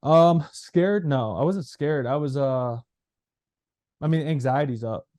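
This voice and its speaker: A man in his thirties co-hosts a casual sports podcast. His voice is dark and mellow. He tells stories in an animated way, full of fillers and restarts. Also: a little high, takes it slowly, no echo, studio quality. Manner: animated storyteller, many fillers. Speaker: podcast co-host, former player. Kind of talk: casual chat.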